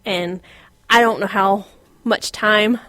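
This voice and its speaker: A middle-aged woman gives an informal Bible lesson with a lively, expressive delivery. She laughs often and sinks into a whisper to stress a point. Her voice sounds dry and close, with a mid-range pitch. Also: slow pace, no room sound. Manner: animated, laughs often, drops to a whisper for emphasis. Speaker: Bible teacher.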